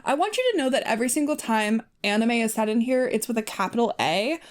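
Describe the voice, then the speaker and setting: A woman's voice: a little high, expressive, fast talker. A woman reading her own old fanfiction aloud and mocking it with cringing, laughing commentary. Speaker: fanfiction reader.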